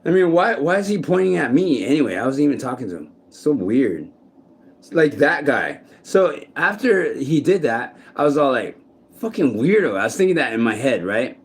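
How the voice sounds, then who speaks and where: A man's voice: mid-range voice, sing-song, moderate pace. A man talking casually to the camera in a rambling, profane monologue full of restarts, recorded outdoors in a city park. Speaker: vlogger.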